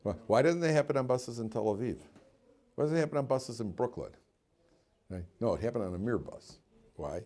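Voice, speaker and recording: Animated rabbi teaching a class. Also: male voice, medium pitch, a little fast, long pauses. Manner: animated storytelling, rhetorical questions, Hebrew terms translated. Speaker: rabbi teaching yeshiva students. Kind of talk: informal Torah class.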